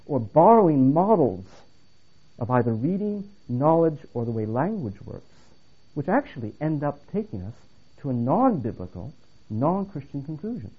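Male lecturer, earnest and emphatic, lively delivery, thin phone-like recording. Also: fairly high pitch, normal speed, breathy edge. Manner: earnest, emphatic, with restarts and dry humor. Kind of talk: theology lecture. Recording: phone-like narrow band.

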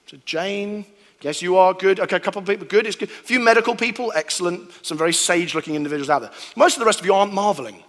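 A man giving a lively, animated talk to an audience, acting out sounds and voices. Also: high voice, very fast. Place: hall with a live audience. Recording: long hall reverb.

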